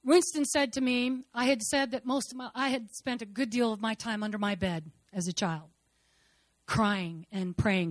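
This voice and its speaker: A woman shares her testimony with a congregation in a fervent, repeating cadence. Her voice climbs into loud declarations, then drops to near-murmurs. The sound is dry and close, with no room echo. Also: fairly high pitch, fairly even intonation, normal speed. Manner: fervent, repetitive, swings between loud declarations and hushed murmurs. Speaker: speaker sharing a personal testimony. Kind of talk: emotional church testimony.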